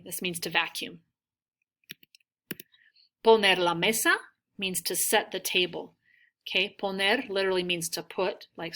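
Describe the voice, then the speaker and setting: A woman teaching a recorded language lesson, modelling each word slowly and asking students to repeat. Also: medium pitch, fairly bright tone. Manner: models words slowly, prompts repetition. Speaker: Spanish teacher.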